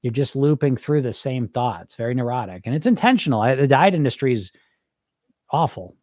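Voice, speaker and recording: A man's voice: medium pitch, lively intonation, a little fast, darkish tone, dry recording, studio quality. A man hosting a weight loss coaching podcast, talking casually and energetically with frequent restarts and asides while answering listeners live.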